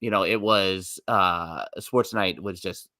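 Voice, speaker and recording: Low-voiced man chatting on a podcast. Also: slow pace, sharp tone, no echo, studio quality. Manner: rambling, self-correcting, chatty. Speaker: podcast co-host. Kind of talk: casual chat.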